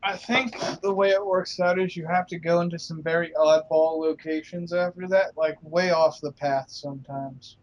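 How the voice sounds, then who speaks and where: A young man chats casually as a guest in a fairly high voice. He stumbles and repeats words as he gathers his thoughts. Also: steady tone, moderate pace, few pauses, lo-fi sound. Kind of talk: casual podcast chat.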